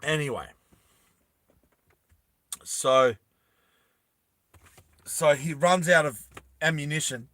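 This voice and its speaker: Slow, bright-voiced Kiwi storyteller man. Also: a little high. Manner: animated, with mouth sound effects. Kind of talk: casual movie retelling.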